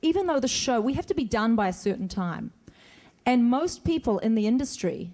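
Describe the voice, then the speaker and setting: A woman's voice: fairly high pitch, big pitch swings, moderate pace, warm tone. Chatty woman fielding fan questions. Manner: chatty, laughs often, rambling asides. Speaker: convention guest answering fan questions. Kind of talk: casual stage Q&A. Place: convention stage before an audience.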